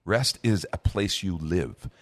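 Slow, relaxed and conversational, a deep, low-voiced middle-aged minister teaches from the Bible with earnest delivery. Whenever he imitates people, he brightens into playful voices to act out everyday speech. There's no room sound; the audio is dry and close.

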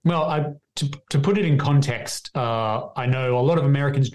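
A man with an Australian accent, a guest in a casual interview, explaining in a relaxed way. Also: mid-range voice, moderate pace. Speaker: guest, coffee seller.

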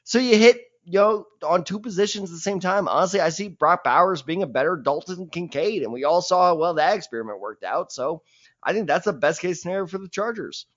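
A young man co-hosting a casual sports podcast, animated and opinionated with mock-dramatic rants, on a dull lo-fi mic. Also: sits high, brisk.

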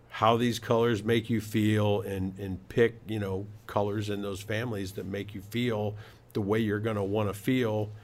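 A man hosting a home improvement talk show, giving tips in a casual, rambling way with many fillers and restarts. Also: on the low side. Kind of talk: casual radio-style talk.

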